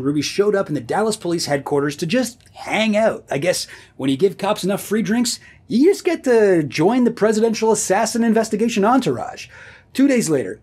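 Male host, comedic scripted narration, sardonic asides, husky voice, lively swooping pitch. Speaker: video host.

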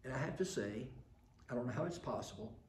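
A man's voice: medium pitch, animated, fast talker, darkish tone, roomy sound, a little hiss or hum. An older man preaching a sermon, telling stories and building to emphatic passages. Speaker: pastor.

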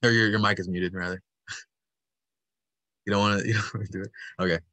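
A man's voice: fairly low pitch, steady tone, a little fast, sharp tone, no room sound. A man instructing an online puppetry workshop over a video call, patient and encouraging as he explains step by step.

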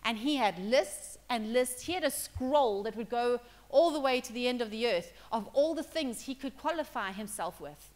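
A woman's voice: a little high, expressive, moderate pace, few pauses, in a large hall. A woman preaching a sermon in church, talking conversationally and building to emphatic points. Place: church hall.

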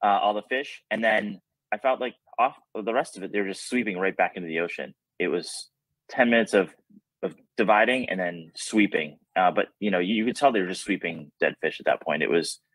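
A man on a panel speaking in a hesitant, halting way. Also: deep voice, fairly bright tone, breathy edge, no echo, poor audio. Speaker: crew member. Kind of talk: casual panel chat.

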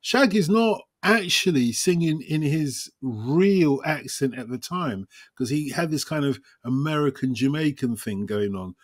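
A man's voice: on the high side, measured pace, hardly any pauses, no room sound, studio quality. A man hosting a casual podcast chat, telling rambling anecdotes and acting out quotes. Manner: rambling anecdotal storyteller, quotes people in lively voices. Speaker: podcast host.

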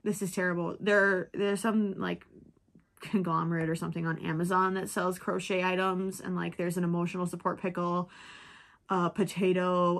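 A woman's voice: on the low side, fairly bright tone. A young woman from Minnesota with a Minnesotan accent, chatting in a rambling, giggly way while she crochets for her vlog. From Minnesota, USA. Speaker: crochet vlogger. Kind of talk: casual chat while crocheting.

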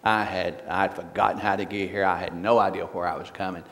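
A man's voice: flat delivery, fairly quick. A man preaching as a guest in a church, folksy and joking, who lifts his voice to read scripture. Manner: folksy and joking, reads scripture louder and higher. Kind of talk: sermon. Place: church sanctuary. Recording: long church reverb.

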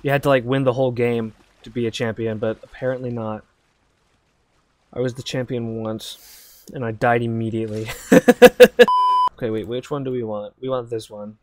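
A gamer voice of middle pitch, narrating live play in a loose, sweary, self-deprecating way. It jumps between muttered banter and loud, panicked begging when the game turns against them. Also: level tone, fairly quick, background noise. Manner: profane, self-mocking banter; swings into loud panicked pleading. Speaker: gaming video creator. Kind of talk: live gameplay commentary.

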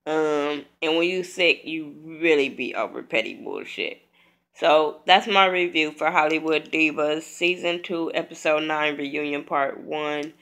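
A sick woman vlogger reviews a reality show in a blunt, profane, chatty way. Her voice is low and a little bright, and she takes her time speaking.

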